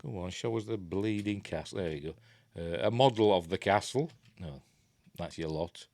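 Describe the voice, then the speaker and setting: Speaking at a moderate pace, this low-pitched man has vocal fry and a somewhat dark tone, recorded without echo. He's from Yorkshire, England, and talks through films at home in a loose, self-mocking ramble, half muttering to himself.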